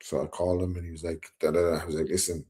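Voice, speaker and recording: A man's voice: sits low, level tone, very fast, warm tone. A middle-aged Irish man telling a story in a casual chat, acting out the quotes and swearing freely. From Ireland. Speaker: guest rapper.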